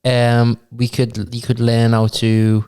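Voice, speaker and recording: A man with a mid-pitched voice, co-hosting a casual podcast conversation. He is easygoing and persuasive, and he keeps nudging his partner with new ideas. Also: monotone, takes it slowly, a little mellow, clear, resonant tone. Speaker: podcast co-host. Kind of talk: casual chat.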